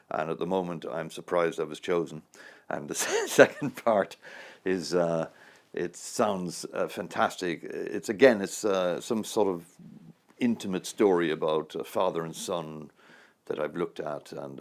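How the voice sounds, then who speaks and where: A man in his sixties, an actor, answering interview questions in a rambling, anecdotal way with frequent chuckles. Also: sits low. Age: 60s.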